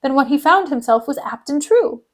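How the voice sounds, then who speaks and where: A woman's voice: high voice, lively intonation, moderate pace. A woman voicing a scheming male ensign, with curt, dismissive delivery.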